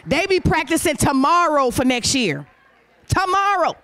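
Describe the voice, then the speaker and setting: A woman hosts a youth talent show, her voice sitting high. She is animated and cheering, calling names out loud as she waves each child up to collect an award. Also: moderate pace, no echo. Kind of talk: lively emcee handing out awards. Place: congregation hall.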